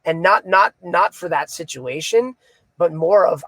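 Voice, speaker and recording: Gravelly-voiced man telling a coaching story. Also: sits high, measured pace, fairly bright tone, no echo. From Canada. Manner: casual, filler-heavy, retelling conversations. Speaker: hockey coach, podcast co-host. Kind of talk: casual storytelling chat.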